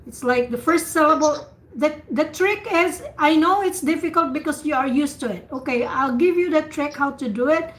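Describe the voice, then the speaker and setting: A woman tutor leading an online speaking practice class, patiently repeating words slowly to model pronunciation over a video call. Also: high-pitched. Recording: echoey room with faint noise, video call.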